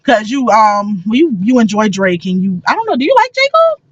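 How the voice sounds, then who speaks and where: A woman co-hosting a casual chat podcast, telling stories in an excitable, profane, animated way. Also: medium pitch, a little fast, dry recording, lo-fi sound. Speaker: podcast co-host.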